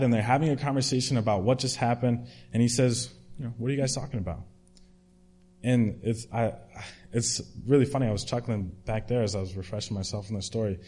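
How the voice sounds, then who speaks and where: A man's voice: fairly low pitch, darkish tone. A man preaching a sermon in a conversational way, retelling a story with restarts and fillers.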